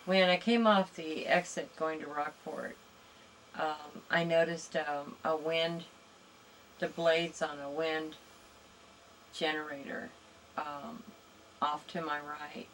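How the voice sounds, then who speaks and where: A woman being interviewed, speaking thoughtfully and hesitantly, pausing to search for words as she tells a story. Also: deep voice, fairly even intonation, fairly bright tone, slight background noise, rough recording. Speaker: interview guest. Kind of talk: casual conversational interview.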